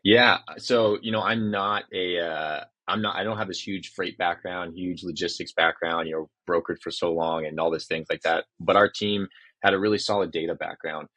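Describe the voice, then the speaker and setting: A man, a startup co-founder, talking casually as a podcast guest and telling lively stories with acted-out customer quotes. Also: deep voice, normal speed, no echo. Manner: frequent fillers and restarts. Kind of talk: casual interview talk.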